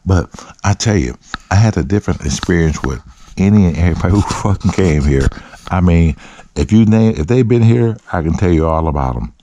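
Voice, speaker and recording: A man hosting his own show, telling profane, animated stories and acting out other people's voices. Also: low-pitched, brisk, a little hiss or hum. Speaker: host. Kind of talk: casual storytelling.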